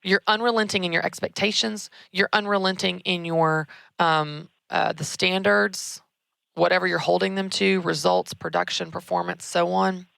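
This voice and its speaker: A woman, hosting a show and giving emphatic, animated career advice. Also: fairly low pitch, moderate pace, gravelly, clear, resonant tone, no echo. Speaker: podcast host. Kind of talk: conversational advice.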